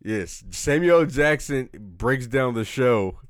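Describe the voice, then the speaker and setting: A man co-hosting a casual chat, talking in an animated way and slipping into quick impressions. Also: mid-range voice, no room sound, studio quality. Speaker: podcast co-host.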